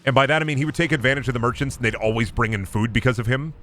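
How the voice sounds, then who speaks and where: A man streaming a game, chatting in an animated, rambling, profane way. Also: medium pitch, very fast. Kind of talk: casual livestream gameplay chat.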